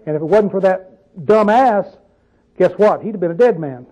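A man's voice: sits high, animated, normal speed, mellow, highs cut off. A man preaching an informal Bible teaching, conversational, often asking his listeners questions and telling folksy stories. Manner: conversational, asks the audience questions, tells folksy asides.

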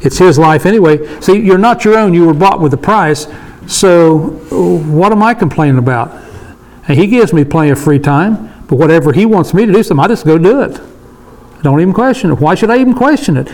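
A man's voice: high-pitched, lively intonation, fairly quick, a little mellow, poor audio. A man in his sixties leading a casual Bible study discussion, emphatic and repeating his points for stress. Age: 60s.

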